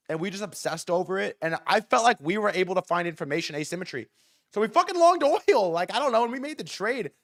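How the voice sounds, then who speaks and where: Excitable man ranting about markets. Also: high-pitched, fast talker. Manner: excitable, profane, swings from loud bursts to mumbled asides. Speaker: livestream host. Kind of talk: hyped livestream market rant.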